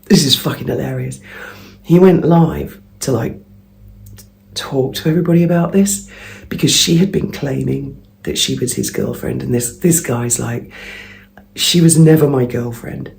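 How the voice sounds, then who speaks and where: A woman's voice: very deep voice, moderate pace, vocal fry, a little mellow, a little hiss or hum. A woman vlogger telling a gossipy story in a chatty monologue at home, laughing often. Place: at home early in the morning.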